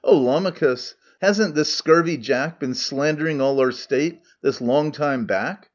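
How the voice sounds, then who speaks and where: A man's voice: on the high side, unhurried, highs cut off, lightly acted. A man voicing a hostile chorus of old men that threatens and calls for help in declaimed verse. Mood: angry.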